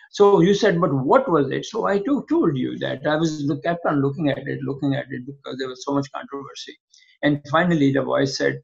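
This older man, a physician guest in an interview, has a voice on the high side with lively intonation, vocal fry, and a slightly mellow quality, at a moderate pace. He tells long stories, acting out both sides of earlier conversations, over a dull lo-fi recording.

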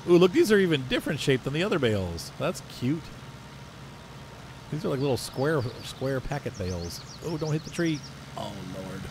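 A man casually commentating his own farming game, chatty and self-mocking, often jumping into playful high exclamations. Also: sing-song, moderate pace, background noise. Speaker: gameplay commentator. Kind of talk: casual let's-play commentary.

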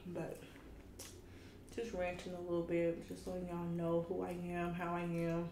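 A woman's voice: on the low side, monotone, normal speed, dark tone, a little hiss or hum. Young woman in her twenties, casual vlogger with slangy straight talk, camera mic in a roomy space with faint background ambience. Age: 20s. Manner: candid, slangy, talks straight to viewers. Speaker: food vlogger. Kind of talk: casual chat to camera while eating.

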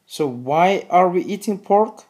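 A man with a Turkish accent, a native Turkish speaker, talking earnestly to the camera in a video, repeating his phrases slowly and deliberately. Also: sits high, animated, a little mellow. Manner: earnest, repetitive, slow and deliberate. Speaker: video host. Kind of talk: religious appeal to camera.

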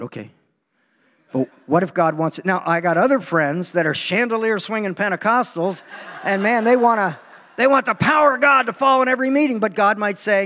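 A man preaching a sermon in an animated, joking way, acting out the voices he quotes. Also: sits high, a little fast, in a large hall. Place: large meeting hall.

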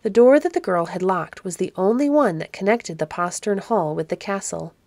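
A woman reading a classic storybook aloud as narrator, measured and expressive. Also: medium pitch, no echo.

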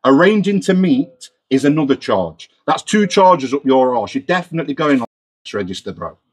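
A man's voice: medium pitch, lively intonation, normal speed, breathy edge. A man, confronting and accusing someone outdoors in an aggressive, sweary way. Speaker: lead confronter in a sting. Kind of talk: heated street confrontation.

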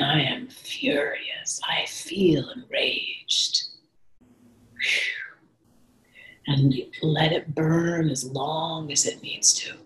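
A woman guest talking about her own experience in an interview, reflective and at times dropping to a soft whisper. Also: low-pitched. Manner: reflective, shifting between animated retelling and soft whispered passages. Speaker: guest author. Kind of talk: conversational interview talk. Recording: echoey room.

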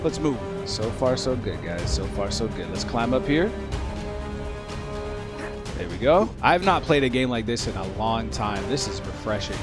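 Excitable male gaming host, chatty and jokey, over game music. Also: mid-range voice, normal speed. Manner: excitable, joking, talks to the characters. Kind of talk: let's play commentary.

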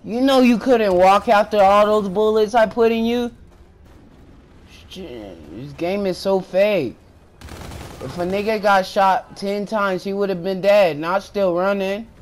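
A gaming YouTuber giving live gameplay commentary at home, frustrated and swearing, with loud shouted outbursts. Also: mid-range voice, measured pace.

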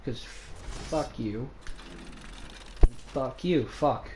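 An excitable gaming streamer who swears often and trash-talks the game while playing. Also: medium pitch, drawn-out words. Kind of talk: casual gameplay commentary. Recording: echoey room with clear background noise.

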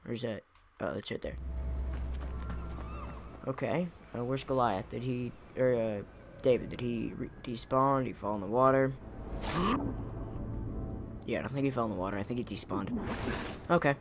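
A young gaming YouTuber with a medium-pitched voice comments casually over his own gameplay at normal speed, leaving long pauses. He rambles, chuckles, and often corrects himself mid-sentence, with audible background noise in the recording.

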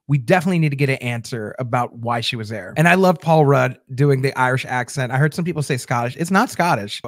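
The host of a casual TV episode recap show talks to viewers in a voice on the high side, rambling with many fillers and restarts. He's close-miked, and the sound is dry.

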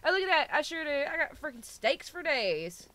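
A woman's voice: high voice, very animated, moderate pace, sharp tone. A young woman chatting casually while she plays a game, playful and self-mocking, often scolding her pets. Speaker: gaming video host. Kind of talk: casual chat while playing.

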